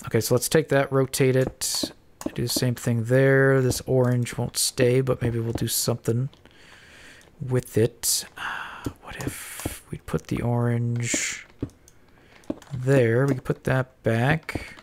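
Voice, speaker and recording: Stuffy-nosed gamer mumbling along while building, middle pitch, faint keyboard clicks behind. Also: little pitch movement, slow, a little hiss or hum. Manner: mumbling, thinking aloud. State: stuffed-up nose. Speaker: Minecraft let's-player. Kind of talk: casual building commentary.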